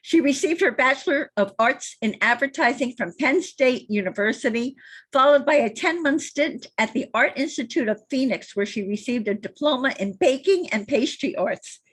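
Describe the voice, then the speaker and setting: A woman with a slightly raised, husky voice hosts an interview podcast from her home studio. She reads her introductions in a measured, formal way and asks careful questions. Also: sits high, animated. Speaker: podcast host. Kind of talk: interview hosting.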